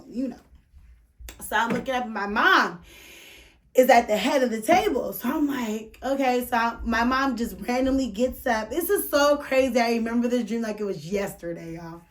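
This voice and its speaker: A podcast host with a fairly high voice tells a personal story at a moderate pace, candid and profane, full of filler words. She's emotional and close to tears at moments, and she sits far from the mic in this casual storytelling.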